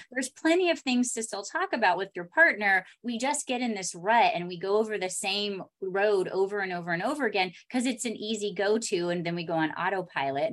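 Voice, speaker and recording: A woman speaks as a relationship expert in an easy podcast conversation. Her voice sits at a middle pitch, and she explains patiently, now and then acting out short example lines. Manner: calm, explanatory, acts out example dialogue.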